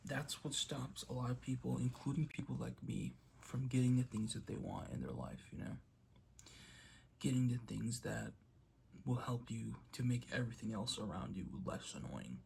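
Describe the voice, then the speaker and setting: A man's voice: medium pitch, sing-song, moderate pace, vocal fry, slight background noise. A young man talking casually to camera in a motivational vlog, telling a story and acting out quotes. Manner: storytelling, acts out quotes loudly. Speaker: vlogger.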